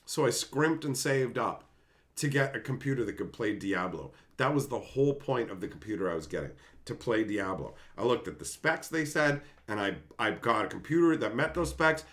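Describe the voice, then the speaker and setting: Animated storytelling man, lively pitch. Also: normal speed. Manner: animated, swears, acts out quotes in different voices. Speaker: channel host. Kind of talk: casual storytelling.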